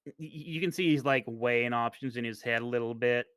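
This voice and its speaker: A man narrating a tabletop game as dungeon master, relaxed and hesitant, with many restarts. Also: mid-range voice, a little fast, smooth, dry recording.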